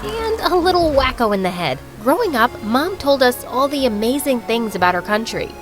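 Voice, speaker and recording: A woman narrating an animated story as a bookish rich teenage girl, in a chatty, dramatic way. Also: sits high, moderate pace, music in the background, rough recording.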